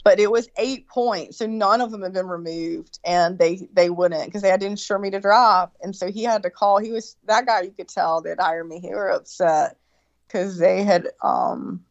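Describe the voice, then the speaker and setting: A woman telling a story in casual chat, swearing freely and animated, with lots of fillers and restarts. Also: mid-range voice, moderate pace, creaky, no room sound. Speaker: guest recounting a story. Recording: dull lo-fi sound, dry.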